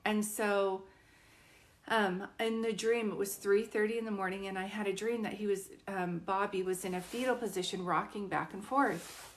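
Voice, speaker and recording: Woman, fifties, psychic medium, casual storytelling, chatty, earnest, many fillers and restarts, middle pitch. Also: steady tone, normal speed. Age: 50s.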